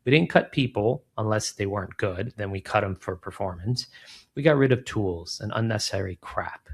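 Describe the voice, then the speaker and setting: Slightly rough and fairly low in pitch, this middle-aged man talks at a moderate pace. As a guest in an interview, the recruiting firm founder tells stories with animation, performing quoted dialogue and leaning heavily on "man" and "like."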